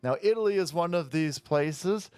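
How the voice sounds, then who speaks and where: A man's voice: on the high side, normal speed, darkish tone, smooth, dry recording. A man hosting a show, giving crude, mocking play-by-play commentary over video clips. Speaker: show host.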